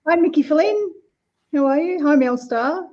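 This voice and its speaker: A woman's voice: high-pitched, lively intonation, a little slow. A woman guest chatting in a bubbly, laughing way on a live video call. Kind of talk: casual live-stream chat. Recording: dull lo-fi video call audio.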